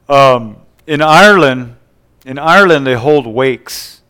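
A man's voice: mid-range voice, pushed and bright. A man preaching a sermon, retelling scripture scenes with quoted dialogue and frequent call-and-response asides.

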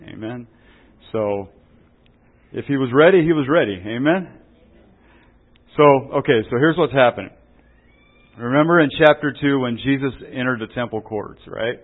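A man's voice: medium pitch, moderate pace. A man preaching a sermon in a folksy, joking way, often asking "Amen?" as he teaches. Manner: jokey, chuckles at his own stories. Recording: tinny phone-like recording.

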